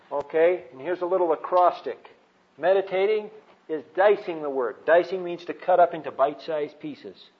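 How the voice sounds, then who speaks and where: A man teaching from the Bible, who asks rhetorical questions and answers them himself. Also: on the high side. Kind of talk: teaching talk. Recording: dull lo-fi recording.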